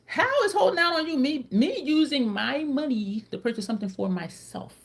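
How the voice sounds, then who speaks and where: Animated, profane woman telling stories. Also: high-pitched, moderate pace. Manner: animated, profane, laughing, quotes people in voices. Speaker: YouTuber. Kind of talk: casual storytelling to viewers.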